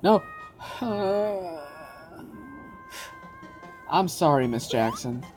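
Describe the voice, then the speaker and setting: A woman's voice: lowish voice, lively intonation, extremely slow, music in the background. A woman doing casual let's-play commentary, exasperated, swearing a lot and talking to herself as she plays. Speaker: gaming video creator.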